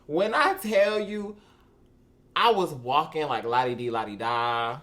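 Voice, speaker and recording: A man co-hosting a casual podcast, telling a story with animated, expressive delivery and acted-out quotes. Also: sits high, slow pace. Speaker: podcast co-host. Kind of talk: casual chat.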